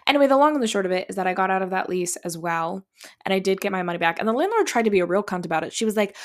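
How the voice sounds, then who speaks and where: A woman's voice: medium pitch, animated, very fast. A young woman hosting a podcast, telling a story in a casual, profane, dramatic way. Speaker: podcast host.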